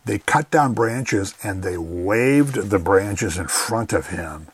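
Low husky man teaching scripture. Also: animated, slow pace. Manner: conversational, earnest, frequent "you know". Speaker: Bible teacher on a radio program. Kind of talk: radio Bible teaching.

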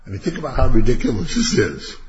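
This Bible study teacher has a mid-range, slightly mellow voice whose pitch swoops wildly, and he talks quickly. His casual, conversational style includes rhetorical questions and acted-out quotes, heard through a dull lo-fi room recording with faint noise.

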